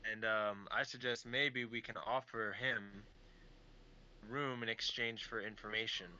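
Low, bright-edged male player. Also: fairly even intonation, a little slow, clear, resonant tone, lo-fi sound. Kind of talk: casual tabletop game talk.

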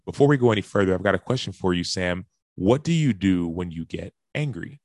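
A man's voice: deep voice, dry recording. A man, a professional athlete, earnestly telling a personal story in a speech and acting out the lines and gasps of the people in it.

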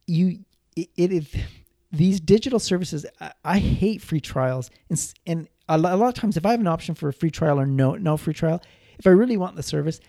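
A man's voice: a little high, animated, fairly quick, gravelly, dark tone, no echo, studio quality. A man giving casual personal finance advice, rambling with frequent restarts and repeated words.

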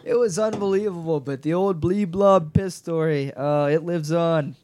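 Young guy cracking up telling a gross locker room story, yells the quotes up high. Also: normal speed, a little hiss or hum. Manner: laughing, shouts out quoted lines in a high voice. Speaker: podcast co-host. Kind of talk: casual storytelling among friends.

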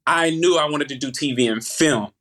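A man in his thirties with a Southern US accent, chatting as an interview guest, lively, with halting restarts and easy laughter. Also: fairly high pitch. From United States. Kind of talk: casual interview chat.

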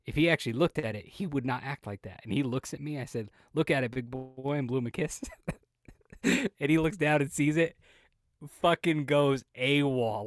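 A man co-hosting a podcast, telling a long, profane, animated story in casual chat and acting out the lines of the people in it. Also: mid-range voice, fairly quick, dry recording, clean studio sound. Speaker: podcast co-host.

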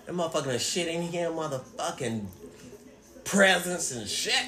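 Profane animated man in an echoey room. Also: on the high side, a little slow. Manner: profane, animated storyteller who acts out quotes. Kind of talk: casual chat.

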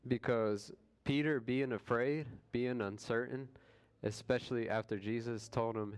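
A man's voice: medium pitch, steady tone, unhurried, clean tone. A man leading a casual Bible study, retelling scripture in slangy everyday words and acting out what people said. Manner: acts out quoted voices with jokes.

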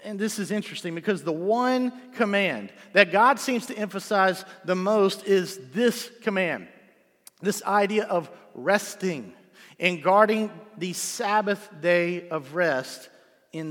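A man's voice: on the high side, a bit bright. A male pastor preaching a sermon in a church, reading scripture and talking in a conversational way with frequent "right?" checks. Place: church sanctuary. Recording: long hall reverb.

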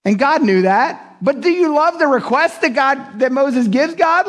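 A male pastor preaching an animated sermon, acting out the quotes with big pitch jumps and joking with the congregation. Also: measured pace, hardly any pauses.

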